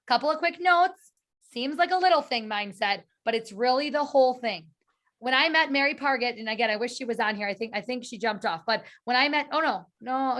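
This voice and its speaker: Over a video call, a direct sales team leader gives her team an eager motivational talk in a fairly high, fairly bright voice. She speaks earnestly, repeating words as she restarts her sentences, and the audio sounds like a home call mic.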